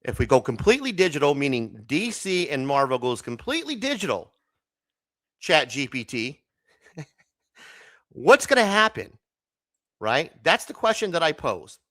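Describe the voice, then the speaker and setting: Man, high and bright, hosting a loose late-night stream, animated, jokey, swears. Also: moderate pace, long pauses. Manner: animated, chatty and joking, often laughing and swearing. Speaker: livestream host. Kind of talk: casual late-night livestream chat.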